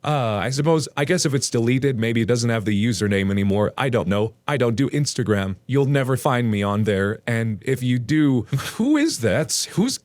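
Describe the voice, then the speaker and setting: A man's voice: medium pitch, no room sound. A man reading Reddit stories aloud and breaking off into rambling, self-mocking asides. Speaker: Reddit story reader.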